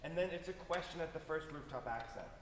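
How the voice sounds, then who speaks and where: A man conducts an orchestra rehearsal in a large concert hall, recorded distantly with echo and a noisy background. He speaks fast in a slightly high voice, coaching the players, singing passages in syllables, and tagging his instructions with "yeah?"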